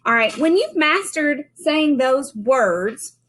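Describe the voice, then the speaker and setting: A woman giving a children's speech lesson from home, modeling sounds slowly and clearly. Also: high-pitched, very animated, fairly bright tone, a little hiss or hum. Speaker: speech teacher.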